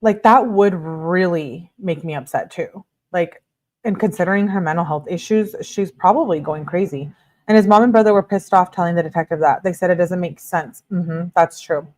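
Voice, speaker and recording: A woman's voice: fairly low pitch, moderate pace, darkish tone. A woman hosting a true-crime commentary, casually reading text messages aloud and adding her own chatty reactions.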